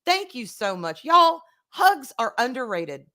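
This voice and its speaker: A woman's voice: fairly high pitch, big pitch swings, unhurried, bright, forceful tone. Candid, rambling woman livestream host. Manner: candid, rambling, swears freely, reads viewer comments aloud. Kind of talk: casual live-stream chat.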